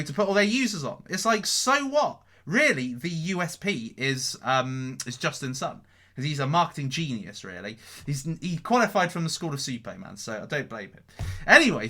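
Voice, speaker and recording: A man giving casual market commentary to camera as a vlogger, animated and emphatic, often checking in with "okay?". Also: on the high side. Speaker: crypto vlogger. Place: indoors in front of a green screen.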